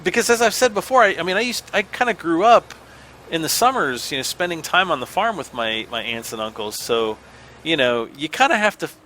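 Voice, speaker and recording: A man's voice: fairly high pitch, very animated, a little fast, pushed and bright, a little hiss or hum. A middle-aged American man giving casual, rambling gameplay commentary, self-deprecating and chuckling often. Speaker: gaming channel host.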